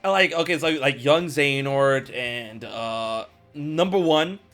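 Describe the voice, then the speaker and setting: A man hosting a casual interview, talking in a rambling, excitable way with lots of fillers. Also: mid-range voice, unhurried, faint music behind. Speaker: show host and streamer.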